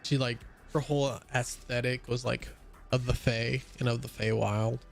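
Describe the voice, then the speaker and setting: A young man with a gravelly voice talks casually to his viewers while playing a game. He rambles with plenty of fillers and restarts, and sounds a little tired. Faint game music hums behind him. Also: medium pitch, level tone, normal speed. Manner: yawning, a bit tired. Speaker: gaming streamer.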